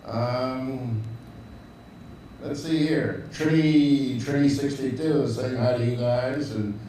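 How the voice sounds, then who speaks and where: Slow, chuckling host in a roomy space. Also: male voice, medium pitch, far from the mic, slight background noise. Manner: chuckling, relaxed, chatty. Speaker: show host. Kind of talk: casual live-stream chat, reading viewer comments. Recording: roomy echo.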